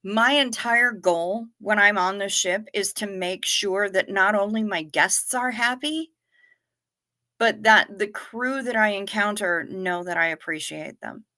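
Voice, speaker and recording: A woman's voice: mid-range voice, unhurried, pushed and bright. A woman hosting a casual livestream chat, swearing freely and talking with her viewers. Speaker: livestream host.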